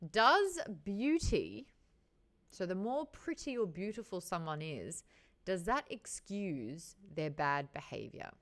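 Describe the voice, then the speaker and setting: A woman hosting a casual book discussion, chatty and animated, swearing freely and laughing often. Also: fairly low pitch. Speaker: host.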